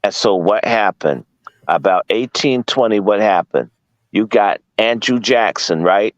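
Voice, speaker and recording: This man, a guest speaker from Washington, D.C., talks unhurriedly in a lowish voice. He lectures casually, bluntly and with profanity, hurling rhetorical questions at the audience, on dull audio without room sound.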